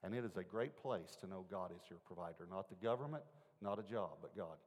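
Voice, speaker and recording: A man's voice: deep voice, lively intonation, a little fast. A man preaching a sermon, telling a personal story in an earnest, conversational way and putting questions to his listeners. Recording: long hall reverb.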